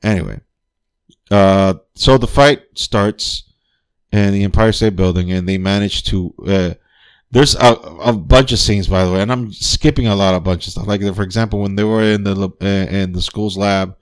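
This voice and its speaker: Low-leaning, clear and resonant, his voice keeps fairly even intonation at a moderate pace. As podcast host, he reviews a film casually, with profanity, fillers and restarts throughout. He laughs often and sounds enthusiastic.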